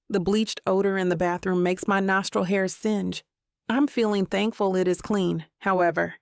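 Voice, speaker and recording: Woman narrating a romance audiobook, gravelly. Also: medium pitch, no echo, clean studio sound.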